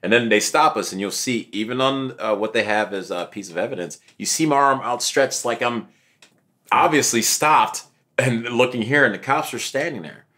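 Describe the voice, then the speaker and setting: A young man, an interview guest, telling his story in a casual, animated way and acting out what others said. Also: mid-range voice, normal speed. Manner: animated, acts out quotes of others.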